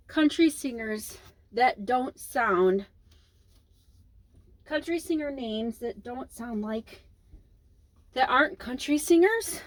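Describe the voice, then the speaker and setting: A young woman from the Midwest with a Midwestern accent, rambling casually to camera in a vlog, with lots of ums and trailing pauses. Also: high voice. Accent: Midwestern American. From American Midwest. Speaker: vlogger.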